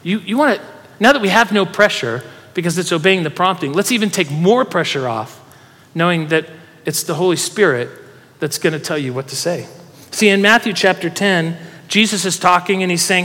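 High-voiced preacher in a reverberant hall. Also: male voice, moderate pace, few pauses. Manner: animated storytelling preacher, urging the congregation. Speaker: pastor. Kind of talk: sermon.

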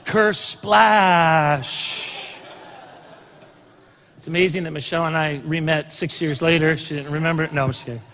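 A man's voice: fairly high pitch, level tone, rapid-fire, few pauses, fairly bright tone, long reverb tail, a little hiss or hum. A man preaching a sermon as a pastor, talking casually and asking the congregation questions. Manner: conversational, asks the congregation questions.

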